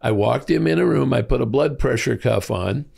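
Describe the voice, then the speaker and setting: A middle-aged man from Iowa with a heavily gravelly, fry-laden voice at an ordinary male pitch. He talks casually as an interview guest and livens his stories by putting on the voices of the people he quotes. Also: normal speed. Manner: animated, acts out quoted voices with big pitch jumps. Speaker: guest, hormone clinic co-founder.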